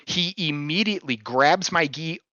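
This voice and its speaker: A man with a bright, fairly high voice spins a casual story on his podcast, cursing freely and chuckling along the way. The sound is dry and close, with a slightly muffled, dull tone. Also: moderate pace, no room sound. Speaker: podcast host telling a story.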